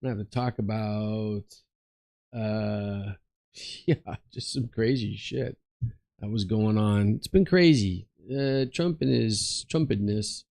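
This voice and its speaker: A man's voice: on the low side, vocal fry, mellow, no echo. A tired man chatting casually and meandering while he plays an online game, with lots of fillers and restarts. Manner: slow, meandering, many fillers and restarts, mutters to himself. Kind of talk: casual rambling chat over gameplay.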